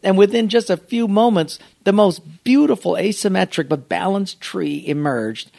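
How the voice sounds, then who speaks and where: A middle-aged male pastor telling a humorous, self-mocking anecdote in an animated storytelling way. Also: high-pitched, normal speed, creaky.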